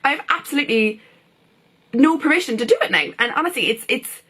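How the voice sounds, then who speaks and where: A woman's voice: lively intonation, quick pace, sharp tone, breathy edge. Chatty young woman vlogging. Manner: chatty, filler-heavy, acts out quotes with big pitch jumps. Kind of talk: casual chat to camera.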